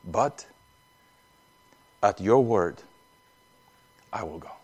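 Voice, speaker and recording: Man doing a meek, hushed fisherman. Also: lowish voice, expressive, drawn-out words, breathy edge, voice pushed down, heavily acted. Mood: humble. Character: humble fisherman, meek and apologetic.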